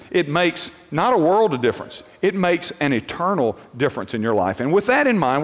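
A male pastor preaching a sermon, emphatic and repetitive, often restarting his sentences. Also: a little high. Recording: long hall reverb.

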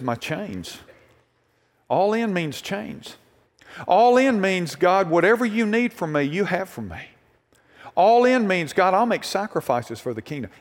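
A middle-aged male pastor preaching in a church sanctuary, his slightly high voice carried by a long hall reverb. He talks to the congregation as if chatting and keeps asking them questions. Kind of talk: sermon.

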